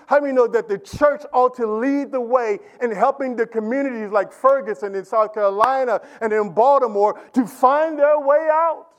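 A pastor preaching a Sunday sermon to his congregation, building from a quiet discussion into emphatic, repetitive calls and questions to the room. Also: very high voice, moderate pace, few pauses.

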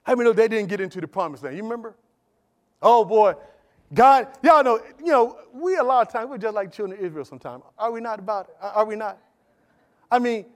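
High pitched pastor preaching, lots of repeating, keeps asking the church to say amen. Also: male voice, fast. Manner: emphatic, repetitive, call-and-response with the congregation. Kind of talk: sermon.

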